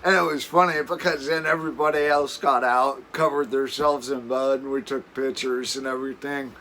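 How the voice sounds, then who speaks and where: A man's voice: mid-range voice, fairly even intonation, normal speed, sharp tone, slight background noise. A man telling camping stories in a casual, rambling way for his vlog, chuckling often and restarting his sentences. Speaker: camping vlogger. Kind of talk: casual storytelling. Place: camper.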